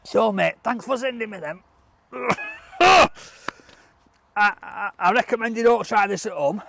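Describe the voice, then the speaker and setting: Excitable high-voiced Yorkshire man vlogging. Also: unhurried, vocal fry, slight background noise. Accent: Hull, East Yorkshire. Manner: excitable, exclaiming often. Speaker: vlog host. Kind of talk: casual vlog chat.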